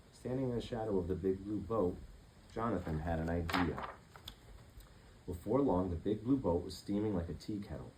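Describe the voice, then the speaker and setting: A man reading a children's picture book aloud as a bedtime story, with an expressive, lilting delivery. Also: low-pitched, a little hiss or hum, rough recording.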